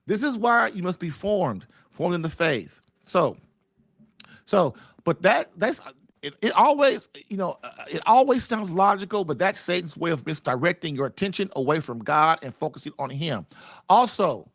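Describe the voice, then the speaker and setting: Animated, high-pitched preaching man. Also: moderate pace, dry recording, clean studio sound. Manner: animated, earnest, conversational with "man" and "you know". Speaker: podcast host. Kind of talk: preaching-style casual talk.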